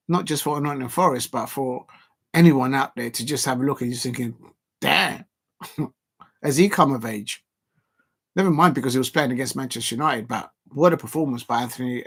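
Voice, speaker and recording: A man's voice: fairly high pitch, fairly bright tone. A man hosting a live football watch-along, reading viewer comments aloud and ranting indignantly.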